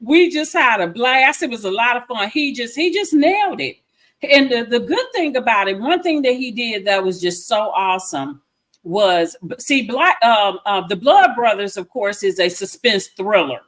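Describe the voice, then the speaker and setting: A woman's voice: fairly high pitch, animated, moderate pace, a bit bright. A woman, chatting effusively as a filmmaker guest and repeating herself for emphasis. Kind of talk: casual interview chat.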